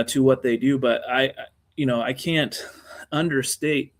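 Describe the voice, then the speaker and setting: A man's voice: mid-range voice, gravelly. A man co-hosting a casual sports talk show, rambling through his points with many fillers and restarts. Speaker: co-host.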